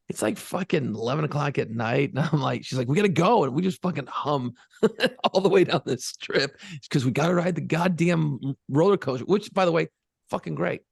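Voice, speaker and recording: A man talking in quick, casual podcast banter, his slightly high voice gravelly with fry. He swears freely and drops laughing asides. The mic is close and the room is dry. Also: no echo. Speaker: podcast co-host. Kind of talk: casual chat.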